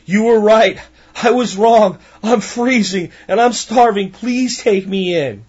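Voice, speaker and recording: A carefree storybook grasshopper, airy and pitched well above a normal speaking voice, as a man puts him on. The voice is husky, and the recording sounds dull and lo-fi. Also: takes it slowly, darkish tone, full character voice. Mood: pleading. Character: carefree male grasshopper, breezy then pleading.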